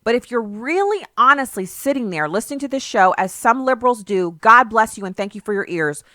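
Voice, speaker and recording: Woman radio host ranting, sarcastic and punchy, bright forceful voice, dry close studio sound. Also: fairly high pitch, animated, brisk, no echo. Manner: emphatic, sarcastic, conversational. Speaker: radio talk show host. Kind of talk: talk radio commentary. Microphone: studio microphone.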